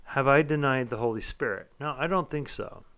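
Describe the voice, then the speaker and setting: A man's voice: mid-range voice, a little fast, a bit bright, clean tone. A young man talking casually on a podcast, rambling and swearing freely, tipsy as he jokes and argues. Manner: profane, rambling, says he is tipsy. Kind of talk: casual chat.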